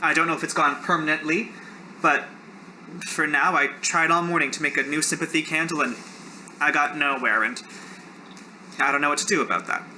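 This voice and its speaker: A man plays a nervous male candle keeper in a tabletop game, his voice lifted well above its usual pitch. He frets, unsure what to do, and a light hiss of noise sits under the bright tone. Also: steady tone, a little fast, long pauses, poor audio. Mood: helpless. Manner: fretful, helpless.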